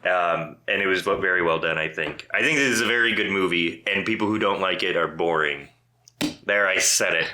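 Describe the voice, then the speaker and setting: A man co-hosting a podcast in casual chat, animated and prone to profane rants. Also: low voice, fairly quick, background noise. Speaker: podcast co-host. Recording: roomy echo.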